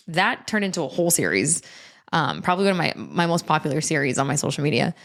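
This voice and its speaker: Animated, laughing woman comedian storyteller. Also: low voice, gravelly. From United States. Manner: animated storyteller, laughs often, quick asides. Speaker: comedian and content creator guest. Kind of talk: casual podcast chat.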